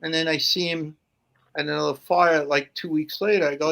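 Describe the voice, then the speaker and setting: Animated storytelling man. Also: a little high, fairly quick, gravelly. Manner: animated storyteller, acts out quoted voices. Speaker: podcast guest, firefighter. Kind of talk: casual storytelling.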